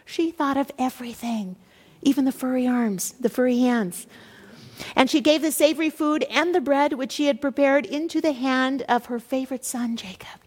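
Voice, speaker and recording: Brief: female Bible teacher, chatty asides between readings, high voice, reverberant hall. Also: moderate pace, slightly rough. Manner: expressive, conversational, with rhetorical asides. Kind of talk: Bible study teaching for women.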